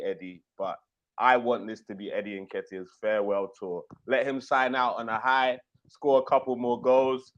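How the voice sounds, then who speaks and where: Man, slangy and laid-back, muffled lo-fi audio. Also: medium pitch. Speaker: co-host guest. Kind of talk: casual live-stream chat.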